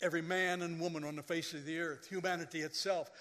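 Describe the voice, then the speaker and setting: High-voiced preacher in a reverberant hall. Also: male voice, little pitch movement, quick pace, few pauses. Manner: storytelling, dramatic swells into loud quoted lines. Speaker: pastor. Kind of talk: sermon.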